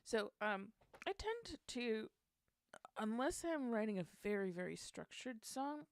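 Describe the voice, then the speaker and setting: A woman's voice: a little high, sing-song, unhurried, dry recording. A woman hosting a casual songwriting session, thinking aloud and trying out lyric lines under her breath.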